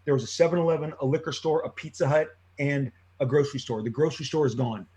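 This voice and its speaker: Excitable man telling a story. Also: fairly high pitch, fast, dull audio. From Southern California. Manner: energetic, excitable, frequent fillers and restarts, bursts of loud exclaiming. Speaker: interview guest, comic creator. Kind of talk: animated storytelling in a long interview.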